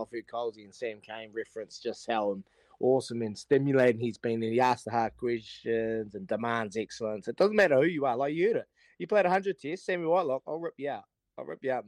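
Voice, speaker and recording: A man's voice: mid-range voice, a little mellow, no room sound. An enthusiastic man hosts breakfast radio in casual banter. He is matey and laughs often, and his voice sounds dry and close. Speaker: radio breakfast show host.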